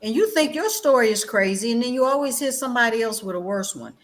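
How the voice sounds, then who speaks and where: An animated middle-aged woman, once a chaplain and now a guest educator, tells stories at a quick pace on a video call. Her style is passionate and conversational; she speaks insistently, repeats phrases, and swings between loud outbursts and quiet, low passages.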